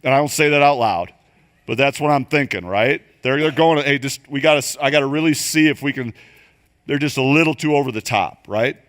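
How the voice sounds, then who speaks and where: An older man teaches a room of church group leaders in a loose, conversational way. He is animated and keeps slipping into quick acted voices and asides to make his points. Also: medium pitch. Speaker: leadership coach. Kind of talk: church training talk. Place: church venue.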